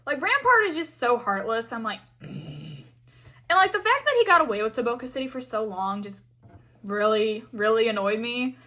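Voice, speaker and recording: Lively bright-voiced young woman ranting. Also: fairly high pitch, moderate pace. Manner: animated, exasperated, full of fillers and acted-out quotes. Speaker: fan commentator. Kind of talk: casual fan rant.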